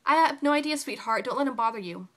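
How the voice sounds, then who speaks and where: A woman's voice: high-pitched, lively intonation, fast, pitched above the performer's own voice. Woman doing a sweet mother figure. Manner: sweet, sing-song.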